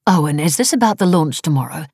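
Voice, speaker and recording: A woman's voice: low-pitched, animated, fast talker, darkish tone, breathy edge, dry recording, clean studio sound, heavily acted. A woman playing an exasperated, insistent wife. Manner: pleading, sharply questioning. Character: exasperated middle-aged wife, sharp, insistent.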